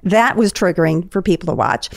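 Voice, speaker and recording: A woman's voice: on the low side, very animated, a little fast, vocal fry, dry recording, clean studio sound. A woman therapist, a guest on a podcast, analyzing relationship dynamics in an explanatory, conversational way.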